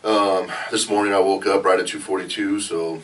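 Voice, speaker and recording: A man's voice: sits low, fairly even intonation, normal speed, a bit bright, recorded from a distance, slight background noise. A man, a powerlifter, chatting casually on a podcast in an easygoing way that trails off with fillers. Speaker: powerlifter guest.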